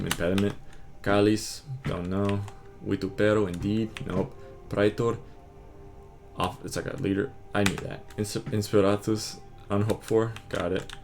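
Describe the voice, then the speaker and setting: A man quizzing himself on word cards, muttering terse answers and quick verdicts of right or wrong. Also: fairly low pitch, a little mellow. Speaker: vlogger drilling vocabulary.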